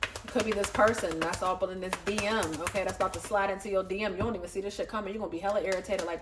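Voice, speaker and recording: A woman giving a casual tarot reading to her viewers, excitable, swearing freely and laughing often. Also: medium pitch, very fast, background noise. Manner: excitable, profane, talks straight to viewers. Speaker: tarot reader.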